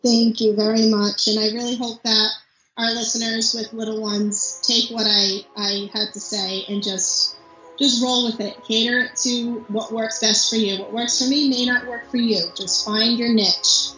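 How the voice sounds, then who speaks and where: A young woman, a podcast guest, chatting casually and telling animated stories about family travel. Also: on the high side, moderate pace, reverberant, muffled recording, faint music behind. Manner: chatty, animated storytelling with mimicked child voice. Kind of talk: casual interview chat.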